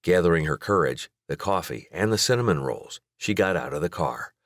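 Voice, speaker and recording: A man reading a romance novel aloud as audiobook narrator in a steady, measured way. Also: deep voice, no room sound, studio quality. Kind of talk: scripted narration.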